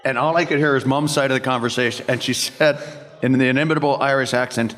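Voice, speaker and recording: Older male panel guest, mid-pitched, loose chuckling anecdotes, echoey hall sound. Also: fairly even intonation, fast talker, fairly bright tone. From Canada. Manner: rambling, laughing through anecdotes. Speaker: guest voice actor at a convention panel. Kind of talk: storytelling at a panel Q&A. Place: convention hall. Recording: reverberant convention hall.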